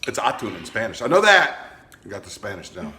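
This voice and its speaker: A father hosting a casual outdoor grilling vlog speaks quickly in a lowish, bright voice with big pitch swings and a forceful tone. The middle-aged man jokes and chats with his kids in a folksy manner.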